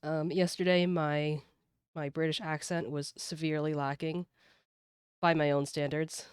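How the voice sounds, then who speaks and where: A woman's voice: deep voice, little pitch movement, unhurried, clear, resonant tone, no room sound, studio quality. A woman streamer chatting casually as she plays, rambling through explanations of the game. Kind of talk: casual gameplay commentary.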